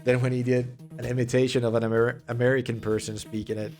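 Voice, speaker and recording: Talking fast in a level, slightly mellow medium-pitched voice, this young Finnish man streams a game with faint music behind him. A native Finnish speaker with a Finnish accent, he mumbles his casual commentary and slurs words together.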